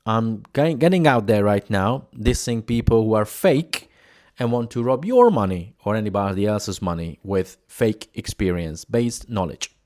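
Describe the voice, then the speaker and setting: A Hungarian man with a Hungarian accent mixed with British English, telling stories to camera in a lively, laughing way. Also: on the low side. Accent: Hungarian, with British English traces. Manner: animated, laughing, mimics shouting in anecdotes. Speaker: entrepreneur speaking to camera. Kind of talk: casual storytelling talk to camera.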